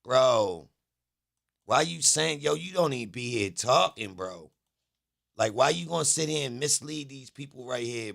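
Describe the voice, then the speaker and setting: A man's voice: on the low side, creaky, fairly bright tone, no room sound, studio quality. A man hosting a livestream, talking bluntly and profanely as he rants at his chat. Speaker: livestream host. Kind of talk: heated livestream commentary.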